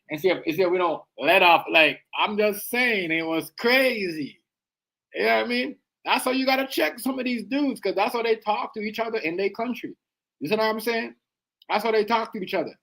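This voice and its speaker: A man's voice: high voice, fairly bright tone. A man with a Jamaican accent hosting a livestream, giving casual reaction commentary in a slangy, emphatic way that keeps circling back with "you know what I mean".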